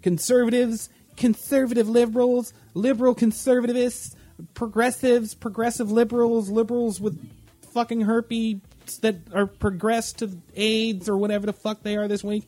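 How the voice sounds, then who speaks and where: Crude ranting man, high voice. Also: little pitch movement, normal speed, dark tone. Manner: crude, swearing, mocking, rambling. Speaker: podcast host. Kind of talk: casual profane rant.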